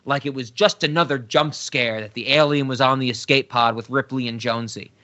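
A man co-hosting a podcast, chatting casually about films and getting animated when he rants. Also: medium pitch, brisk, dull audio. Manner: animated, gets loud and excited when ranting. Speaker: podcast co-host. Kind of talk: casual film discussion.

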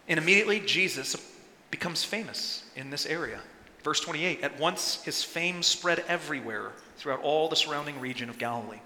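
A man preaching a sermon as pastor, animated, acting out quoted lines with sudden loud bursts. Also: fairly high pitch, brisk. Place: church sanctuary. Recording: echoey church hall.

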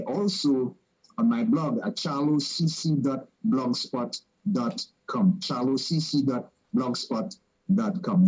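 A man's voice: medium pitch, a little mellow, slightly rough, low-quality recording. Caribbean-accented male podcast guest. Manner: measured, lists contact details carefully. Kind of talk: casual podcast interview.

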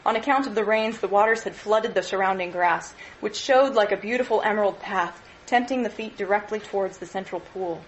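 A woman lecturer reading a novel aloud in an expressive, measured way. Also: mid-range voice, a little hiss or hum, low-quality recording.

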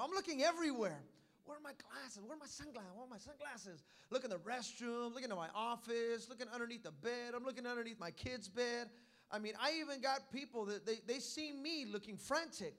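A young man preaching a sermon in a church as pastor, telling stories and calling for amens, building to loud climaxes. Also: high voice.

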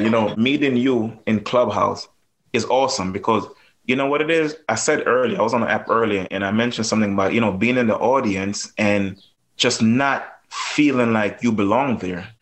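Jamaican-accented male guest, low voice, casual rambling storyteller. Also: normal speed, fairly bright tone. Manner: loose, chatty, lots of fillers. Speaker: plumber and landlord. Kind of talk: casual podcast interview.

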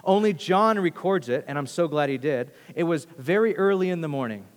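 A male pastor delivering a sermon in an animated storytelling way, moving from raised, excited passages to soft, hushed ones. His voice sits a little high for a man and trails off into a long hall reverb. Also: fairly quick. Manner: animated storytelling, acts out quotes, swings loud to hushed.

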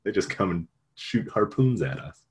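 A man's voice: lowish voice, sing-song, normal speed, slightly rough. A man retelling a story in casual chat, rambling and jokey, with lots of fillers.

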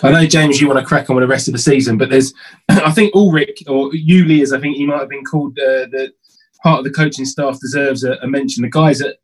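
Male host, casual rambling recollection, hesitant, mid pitch. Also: a little fast, breathy edge, rough recording. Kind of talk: casual chat.

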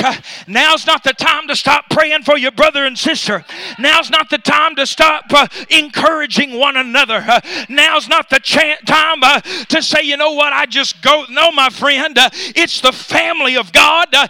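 A male pastor preaching a fiery sermon, shouting often and filling nearly every pause with "uh". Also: very high-pitched, gravelly. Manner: fiery preaching with constant "uh" fillers.

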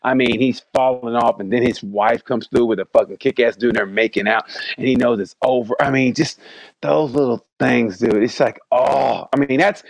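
A man talks in casual podcast chat, enthusiastic but halting, often restarting and repeating his words. His mid-pitched voice is close-miked and dry. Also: creaky, dry recording.

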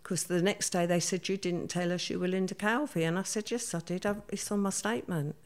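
Middle-aged woman, interviewee, low-pitched voice, brisk conversational storytelling. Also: steady tone. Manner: vivid, hurried retelling with many quoted voices.

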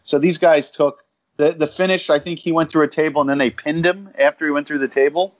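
A man's voice: on the high side, steady tone, brisk, highs cut off. A man co-hosting a wrestling podcast in casual chat, rambling and swearing with self-deprecating humor. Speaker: podcast co-host.

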